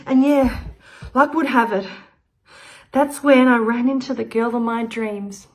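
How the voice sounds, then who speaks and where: A woman giving a comic spoken-word performance, rambling through an absurd story with frequent laughs, loud shouts and quiet muttered asides. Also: a little high, fairly even intonation, unhurried, pauses often. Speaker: open-mic performer.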